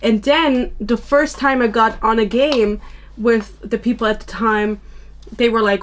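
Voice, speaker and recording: A woman's voice: on the high side, steady tone, measured pace. Chatty young woman podcast host. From Germany. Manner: chatty, rambling, self-deprecating with frequent laughs. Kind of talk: casual chat. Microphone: camera-mounted microphone.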